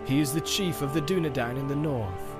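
A man's voice: a little fast, music in the background, close to an everyday voice. A man voicing an ancient, stately elf lord in a read-aloud story. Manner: deep, stately.

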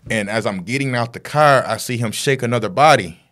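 A man's voice: mid-range voice, a little fast, fairly bright tone. A man talking as a guest, telling a story in a rambling casual way with lots of fillers and tag questions.

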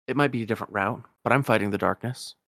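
A man's voice: quick pace, creaky, fairly bright tone, no room sound, studio quality. A man doing a brooding young warrior. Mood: grave. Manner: grave, low-key.

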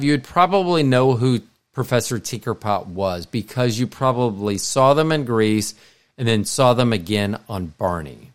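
Middle-aged man, podcast co-host, average-pitched voice, chatty and digressive with lots of restarts. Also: clear, resonant tone. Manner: meandering, frequent restarts and self-corrections. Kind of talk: casual rambling monologue.

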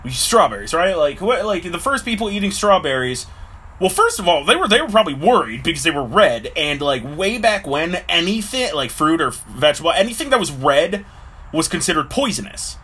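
A man's voice: on the high side, big pitch swings, brisk, pushed and bright, husky. A man talking casually to camera in a rambling way, full of fillers, acting out little voices as he goes. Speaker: vlogger.

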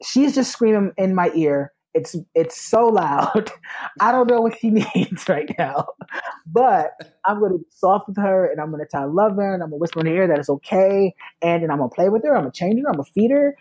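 A man's voice: sits high, expressive, a little fast, darkish tone, breathy edge, low-quality recording. A man who is a new parent, talking earnestly and reflectively in a casual conversation, repeating phrases for emphasis.

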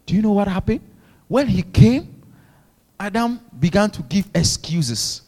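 With a long reverb tail behind his words, a pastor in a church preaches with fervor, leading the congregation to repeat after him. His high voice is animated and a little mellow, moving at a measured pace.

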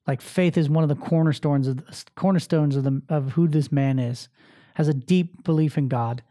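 In a mellow, slightly high voice at a moderate pace, a man hosts his podcast and coaching show while filming himself. The motivational monologue is casual and emphatic, with plenty of swearing and repeated phrases for emphasis.

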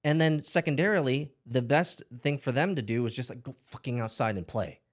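A man's voice: medium pitch, brisk. A man hosting a casual podcast conversation, talking with animation, swearing casually and acting out voices he quotes.

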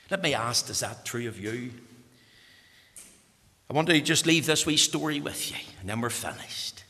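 Bright-voiced preacher in a reverberant hall. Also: male voice, mid-range voice. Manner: swings from hushed whispers to loud fervent emphasis. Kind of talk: sermon. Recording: long reverb of a large hall.

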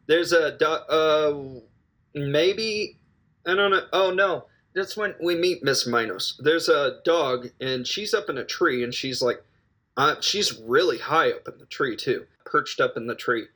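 A man with a bright, forward voice talks through a film plot in a loose, rambling way. He keeps cracking jokes, wandering off on tangents and correcting himself mid-sentence, like a casual video reviewer. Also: a little high. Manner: jokey, digressive, quick asides and self-corrections.

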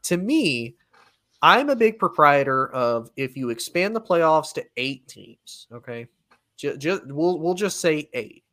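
A man's voice: a little high, very animated, unhurried, bright, forceful tone. A man co-hosting a sports talk show, rambling easily through his points in a casual debate. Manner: rambling, frequent fillers and restarts, easygoing.

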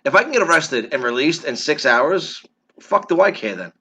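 A man's voice: fairly high pitch, sing-song, moderate pace, sharp tone, husky. A man co-hosting a casual chat, opinionated and profane, ranting about the news.

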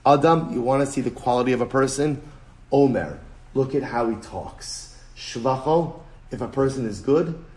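A rabbi gives a Talmud lecture in a medium-pitched voice at normal speed. He's animated and emphatic, repeats phrases, and switches between English and Hebrew and Aramaic terms.

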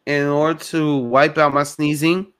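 A man with a notably high voice who hosts a podcast. He keeps things loose and joking and often pokes fun at himself. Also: flat delivery, a little slow, a bit bright, clean tone. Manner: laid-back, joking, self-deprecating. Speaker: podcast host. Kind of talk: casual podcast chat.

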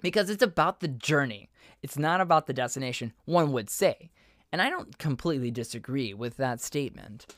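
A podcast host and voiceover artist delivers a casual solo monologue, speaking earnestly and rambling as he corrects himself mid-sentence. His medium-pitched voice is brisk, bright and lively in intonation, captured with studio quality and no echo.

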